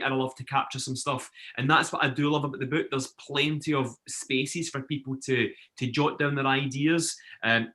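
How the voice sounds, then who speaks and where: A man hosting an interview in casual chat, enthusiastic and quick to affirm his guest. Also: mid-range voice, bright, forceful tone. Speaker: host.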